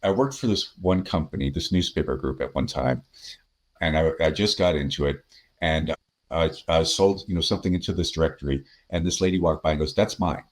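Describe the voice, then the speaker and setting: A man's voice: rumbling low, fairly quick. A man, a podcast guest and sales consultant, telling workplace anecdotes in a conversational way and acting out the people he quotes. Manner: animated anecdotes, acts out quoted voices. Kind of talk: conversational storytelling.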